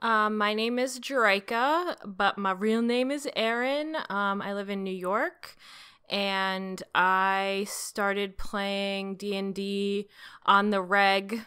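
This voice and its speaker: Podcast regular: a woman with a bright, crisp voice who talks slowly, laughing at herself, swearing casually. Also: medium pitch, fairly even intonation. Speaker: podcast player introducing herself. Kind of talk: casual chat.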